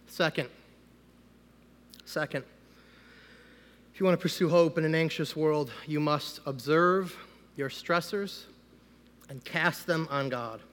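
A man, a pastor, giving a conversational sermon that rises into loud, emphatic preaching. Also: fairly high pitch. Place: church sanctuary. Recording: long hall reverb.

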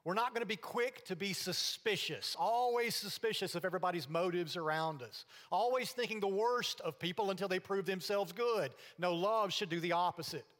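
A man's voice: high-pitched, normal speed, hardly any pauses. Earnest preacher man in a reverberant church. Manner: earnest, drops to hushed tones for emphasis. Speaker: pastor. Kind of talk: sermon. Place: church sanctuary. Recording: long reverb of a church hall.

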